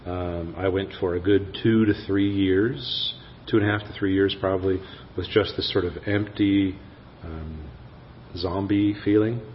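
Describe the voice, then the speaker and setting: Deep-voiced man, hesitant testimony. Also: steady tone, measured pace, lo-fi sound, a little hiss or hum. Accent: Southern American. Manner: hesitant, reflective. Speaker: pastor. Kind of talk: personal testimony.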